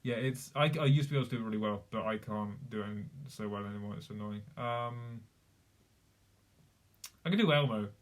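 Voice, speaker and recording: A man's voice: lowish voice, a little fast. A man streaming, chatting casually in a rambling, self-deprecating way. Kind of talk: casual chat.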